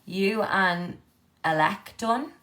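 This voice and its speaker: A young woman chatting casually on a live stream from her living room, reading and answering viewer comments, candid and quick to swear. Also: medium pitch, a bit bright.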